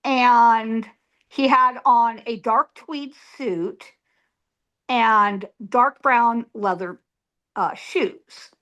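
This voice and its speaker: A woman's voice: a little high, extremely slow, a bit bright, muffled recording. A middle-aged woman, a psychic medium, telling a story as an interview guest in an emphatic way, repeating words for effect.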